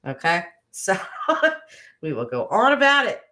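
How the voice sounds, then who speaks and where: A woman's voice: mid-range voice, very animated, slow pace, bright, forceful tone. A woman hosting a casual livestream chat, gushing and chatty, wandering off on tangents and laughing often. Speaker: host.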